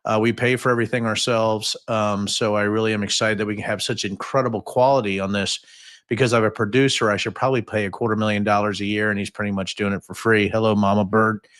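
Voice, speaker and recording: A man's voice: fairly low pitch, little pitch movement, fast, fairly bright tone. A man in his fifties hosting a livestream, telling stories in a rambling, jokey way with many fillers and asides. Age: 50s. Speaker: podcast host. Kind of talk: casual livestream storytelling.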